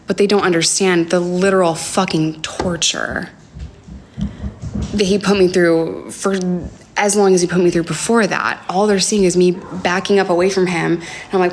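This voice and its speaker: A young woman telling a personal story on a livestream from home, talking in a halting, hesitant way with many fillers and sometimes dropping to a near whisper. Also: fairly low pitch, level tone, a little hiss or hum. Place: home, indoors. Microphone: phone livestream.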